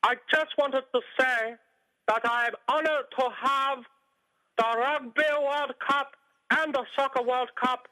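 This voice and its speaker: A radio host putting on the voice of an elderly male statesman on a phone call, answering in slow, halting, confused bits. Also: very high voice, steady tone, sharp tone, voice pushed up, full character voice. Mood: muddled. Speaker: radio host doing an impression.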